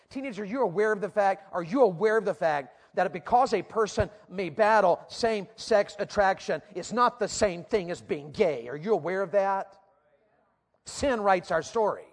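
A man preaching a youth sermon in a church, emphatic and repetitive, swinging between loud bursts and hushed asides. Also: sits high, lively intonation, moderate pace.

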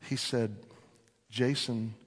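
A man preaching a sermon, telling a story and acting out the dialogue with lively swings in voice. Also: medium pitch, slow. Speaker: pastor. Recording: long reverb of a large hall.

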